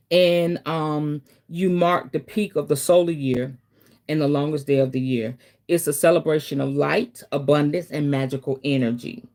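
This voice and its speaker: Chatty, dramatic woman with a lowish voice. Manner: chatty, addresses viewers directly; self-described dramatic, animated asides. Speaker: host, spiritual teacher. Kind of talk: casual livestream teaching.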